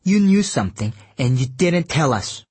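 A man's voice: medium pitch, expressive, normal speed, slightly rough, dry recording, pitched above the performer's own voice. A man reading an audiobook and voicing a fierce, stubborn young woman agent in a raised, insistent tone. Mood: accusing. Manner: insistent, accusing. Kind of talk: audiobook narration.

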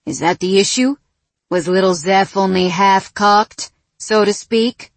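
A woman's voice: mid-range voice, measured pace, no room sound, lightly acted. A woman voicing an intense, blunt male quarterback talking straight to a friend.

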